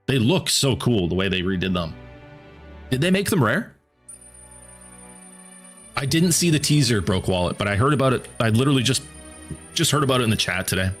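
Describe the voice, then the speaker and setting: A man streaming a game and chatting casually with viewers, rambling and repeating words as he thinks aloud, his voice going hoarse. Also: medium pitch, sing-song, a little fast, long pauses, soft background music. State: losing his voice.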